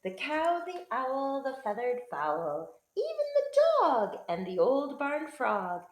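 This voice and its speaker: A woman teacher reading a picture book aloud to children, playful and expressive. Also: sits high, slow, hardly any pauses, reverberant. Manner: playful, expressive storytelling with sound effects.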